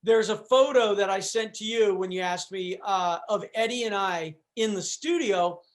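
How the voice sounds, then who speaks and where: A man with a high speaking voice, talking at a moderate pace, tells a story as a talk show guest. He meanders, doubling back on his words, dropping in asides, and saying "you know" in a casual, conversational way.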